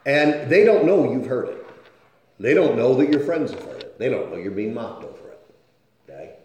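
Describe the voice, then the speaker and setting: A man's voice: mid-range voice, very animated, moderate pace, a little mellow. A man preaching a sermon in an earnest tone, often stopping to ask his listeners "okay?". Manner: earnest, keeps asking "okay?" to check on listeners. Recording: very echoey room.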